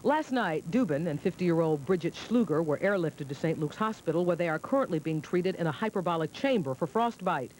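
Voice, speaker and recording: A woman news anchor reading the evening news in a crisp, measured way. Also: fairly low pitch, expressive, darkish tone, a little hiss or hum.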